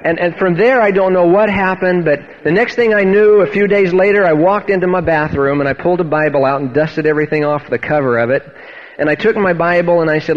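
A man's voice: on the high side, brisk. A man preaching and telling his own testimony, earnest and emphatic, often restarting his words. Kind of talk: sermon with personal testimony. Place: church hall. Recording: dull, echoey church hall, radio-style.

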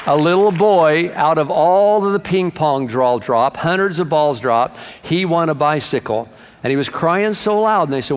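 A pastor preaches a sermon to his congregation in a large church sanctuary, folksy and emphatic, telling jokes throughout. His voice sits a little high, he speaks at a moderate pace, and a long hall reverb carries it over slight background noise.

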